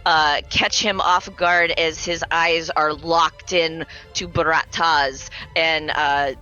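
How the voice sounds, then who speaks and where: Woman game master, slow and bright, slightly lo-fi sound. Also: low voice, soft background music. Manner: relaxed, unhurried narration with many fillers. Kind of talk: narrating a tabletop game. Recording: slightly dull, lo-fi audio.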